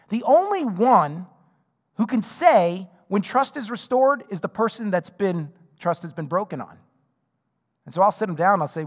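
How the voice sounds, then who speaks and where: A male pastor with a high-pitched voice preaches a sermon in a conversational way, often repeating a word as he restarts a thought. He plays out both sides of the conversations in his stories. His voice rings with the long reverb of a large hall. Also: animated, normal speed. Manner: acts out both sides of dialogues in his illustrations.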